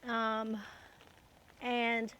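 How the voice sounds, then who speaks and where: A woman's voice: a little high, monotone, very slow, sharp tone. A young woman from Canada telling personal stories in a casual, chatty way, laughing often and using lots of fillers. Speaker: podcast host. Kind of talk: casual storytelling monologue.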